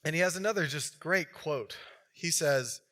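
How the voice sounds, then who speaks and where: A male pastor preaching a sermon in a conversational, animated storytelling way. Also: a little high, moderate pace.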